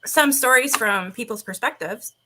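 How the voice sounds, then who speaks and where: A woman's voice: on the high side, normal speed, sharp tone. A woman host, chatting casually in a rambling, laughing way and reading ghost stories aloud.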